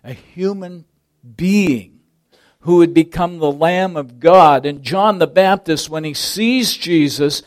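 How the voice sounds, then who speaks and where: Slow, deliberate male preacher. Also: fairly high pitch. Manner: dramatic swings between soft, near-whispered words and loud rising emphasis; slow, deliberate phrasing with pauses on key words. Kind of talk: sermon.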